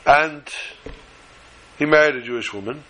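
Earnest bright-voiced man teaching Torah. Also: on the high side, normal speed, a little hiss or hum, low-quality recording. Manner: earnest, emphatic teaching with Hebrew and Yiddish terms. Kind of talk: Torah lecture with storytelling.

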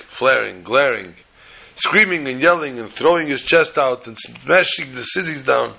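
A male rabbi gives a Torah lesson in a bright, clear voice. He tells stories with lively energy and often breaks into loud, acted-out quotes. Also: mid-range voice, unhurried. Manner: animated, acts out quotes, rising to loud exclamations.

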